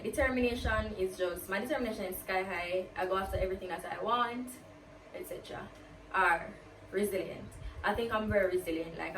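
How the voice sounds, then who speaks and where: A woman's voice: mid-range voice, slight background noise. Chatty woman, roomy distant sound. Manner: chatty, peppers talk with "like", slips into patois. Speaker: YouTuber. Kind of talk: casual get-to-know-me Q&A. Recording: roomy, distant from the mic, faint ambience.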